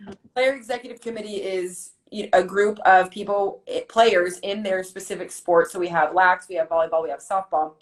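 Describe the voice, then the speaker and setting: Woman athlete, interviewer in a casual chat, friendly and curious, mid-pitched voice. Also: steady tone, brisk, poor audio. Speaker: softball player and interviewer.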